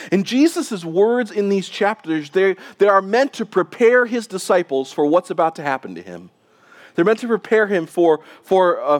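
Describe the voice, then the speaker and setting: A male pastor preaching a sermon at a church service in a casual, conversational manner, often checking in with his listeners. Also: high-pitched. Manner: casual, conversational, with frequent tag questions.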